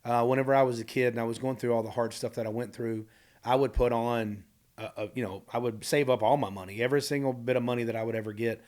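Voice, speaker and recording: Fast-talking man telling rambling stories. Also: mid-range voice. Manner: rambling, animated storyteller with many asides. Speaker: podcast guest. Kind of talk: candid storytelling conversation.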